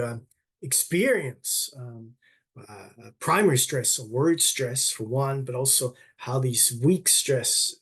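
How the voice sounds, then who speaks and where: A man's voice: mid-range voice, husky. A man presenting his research on a video call, explaining at length with frequent fillers and restarts. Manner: hesitant, many restarts and fillers. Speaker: academic presenter. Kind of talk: online conference talk and Q&A.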